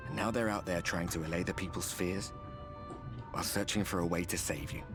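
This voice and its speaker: An actor playing a calm, world-weary male fantasy game character in cutscene dialogue, measured and gently urging. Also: sits low, close to an everyday voice. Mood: sombre. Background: game score music.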